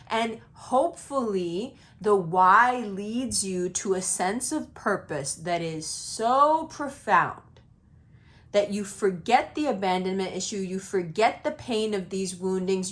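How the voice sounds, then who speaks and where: A young woman giving an astrology reading in a casual, blunt monologue, swearing freely and swinging between slow, low stretches and quick, high bursts. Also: a bit bright. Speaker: astrology reader.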